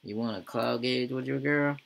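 A man's voice: mid-range voice, normal speed, vocal fry, a bit bright, low-quality recording. A man giving casual gameplay commentary as a YouTuber, rambling and full of profane slang. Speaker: gaming YouTuber.

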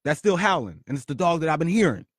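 Lively, animated man hosting a podcast. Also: on the high side, fast talker, no room sound, studio quality. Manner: animated, repeats words, punchy delivery. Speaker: podcast host. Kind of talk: storytelling monologue.

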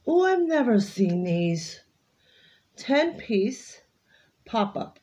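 A woman's voice: on the high side, very animated, extremely slow, pauses often, mellow. A woman crafting vlogger in casual unboxing chat, gushing and exclaiming over each item she opens.

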